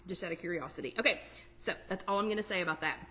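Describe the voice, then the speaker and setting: A woman's voice: lowish voice, rapid-fire, pushed and bright, slight background noise. A woman hosting a casual live-stream chat, talking in a chatty, digressive way and answering viewers' comments. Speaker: host of a weight-loss support chat.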